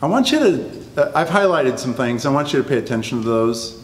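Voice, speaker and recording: A man's voice: medium pitch, very animated, a little fast. A man teaching a Bible study class to a live group, talking conversationally and often checking that the class is following. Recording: echoey room, long reverb, faint noise.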